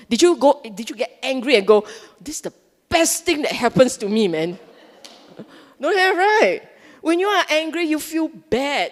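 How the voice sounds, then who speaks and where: A woman with a Singaporean English accent giving a Buddhist dharma talk, animated and often asking her audience questions. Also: medium pitch, long reverb tail. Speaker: Dhamma speaker. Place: Buddhist centre hall.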